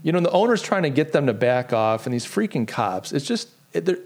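A man's voice: medium pitch, fairly quick. A man hosting his own podcast, talking casually and reading out comments from a live chat. He tells stories with indignant energy and keeps restarting his sentences. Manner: animated, indignant storytelling with lots of restarts. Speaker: podcast host.

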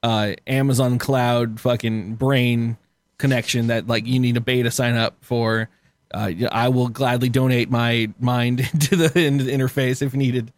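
A man's voice: mid-range voice, little pitch movement, normal speed, no echo. A man co-hosting a casual podcast chat, swearing freely, laughing often and rambling. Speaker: podcast co-host.

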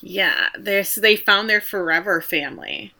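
Bright-voiced woman recapping a show. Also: mid-range voice, moderate pace, vocal fry. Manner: lively storyteller, acts out quoted characters. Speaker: podcast co-host. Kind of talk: casual TV recap chat.

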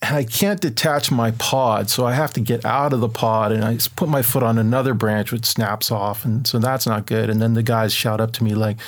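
A man spins a story in conversation, loose and chatty with plenty of fillers. When he quotes others, his voice jumps up and gets livelier, then settles back into an easy middle pitch. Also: moderate pace, few pauses. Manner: animated, acts out quotes in a raised voice. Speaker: guest telling an adventure story. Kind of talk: casual spoken storytelling.

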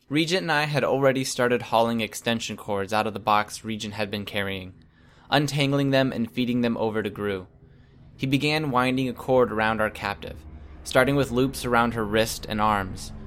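A man's voice: mid-range voice, fairly bright tone, slight background noise. Man reading a first-person story. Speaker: audiobook reader.

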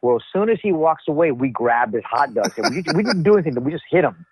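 A man telling locker-room stories in a casual interview, animated and acting out what others said. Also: fairly high pitch, fast, breathy edge, no echo. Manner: animated storyteller, acts out quotes. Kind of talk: casual wrestling interview talk. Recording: dull, lo-fi dry audio.

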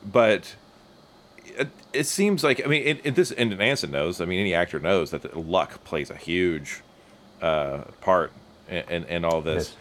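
A man's voice: sits low, a little slow, fairly bright tone, slight background noise. A man co-hosting a podcast, chatting casually and rambling through his questions with frequent restarts and self-conscious laughter. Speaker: podcast co-host. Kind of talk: casual chat.

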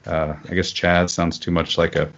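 Low-voiced man rambling on a podcast. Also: level tone, moderate pace, fairly bright tone. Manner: rambling, with many fillers and restarts. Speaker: podcast co-host. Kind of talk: casual political podcast chat. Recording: dull lo-fi podcast audio.

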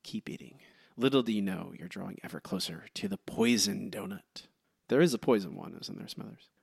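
A podcast host briefly voicing a scheming elderly male cartoon tycoon, muttering slyly and low. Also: a little fast, gravelly, slightly rough, dry recording, studio quality, heavily acted.

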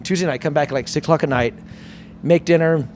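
A young man telling a story among friends, animated and loose, with plenty of swearing. His voice sits fairly high. He jumps into other people's voices as he tells it. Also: fast talker, a little hiss or hum. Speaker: guest storyteller. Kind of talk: casual storytelling chat.

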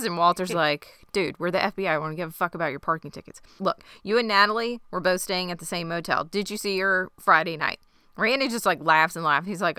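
A woman co-hosts a podcast, recapping an episode in a casual, animated way and slipping into the characters' lines as she goes. Her voice is bright and crisp, and sits a little low. The recording is dry and close. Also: quick pace, no echo. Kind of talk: casual chat.

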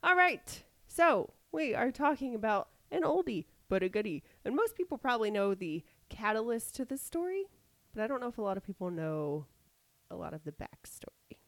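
A woman's voice: a little high, big pitch swings, brisk, no echo. A woman co-hosting a podcast in casual, playful banter, laughing often. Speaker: podcast co-host. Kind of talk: casual chat.

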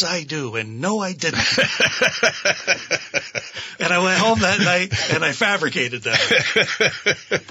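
A man being interviewed as a guest, telling a story in an animated way, laughing often and acting out what people said. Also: medium pitch, slightly rough.

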